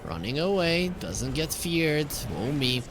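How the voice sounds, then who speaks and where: A man casting an esports match with his co-caster, his pitch climbing high during exciting plays. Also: unhurried, noisy background. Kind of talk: play-by-play commentary.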